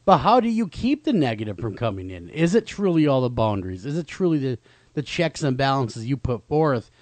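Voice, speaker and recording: Co-host man, curious questioner, lively pitch, dry close sound. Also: a little fast, no room sound. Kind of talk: casual chat.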